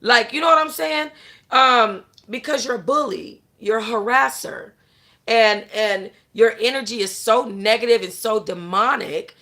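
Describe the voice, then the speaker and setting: A woman's voice: on the high side, measured pace, bright, forceful tone. A young adult woman hosting a casual chat, bluntly lecturing her viewers with lots of profanity and a constant "you know what I'm saying". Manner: talks straight to the audience, answers chat. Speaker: host.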